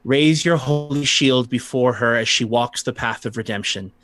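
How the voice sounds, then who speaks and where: A man's voice: mid-range voice, normal speed, lightly acted. A man doing a solemn cleric's prayer. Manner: solemn, formal recitation. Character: solemn woman cleric praying for the dead.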